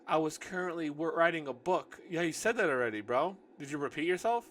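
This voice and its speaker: A man's voice: a little high, expressive, brisk, hardly any pauses, fairly bright tone, a little hiss or hum. A man reading his own novel aloud in a loose, joking way, often stopping to mock and argue with his own writing. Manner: loose, joking, self-correcting. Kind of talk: casual reading with running asides.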